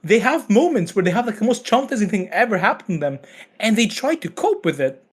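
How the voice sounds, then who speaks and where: Woman co-host, lively swings in pitch, profane and fast-moving. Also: slightly rough. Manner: profane, animated, quotes characters in put-on voices. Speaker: podcast co-host. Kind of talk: casual chat.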